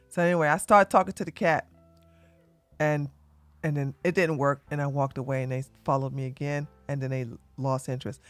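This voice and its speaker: A woman hosting her own channel, telling a casual story to her audience in an animated way and laughing often as she talks to the ladies. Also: deep voice, no room sound. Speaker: commentary channel host.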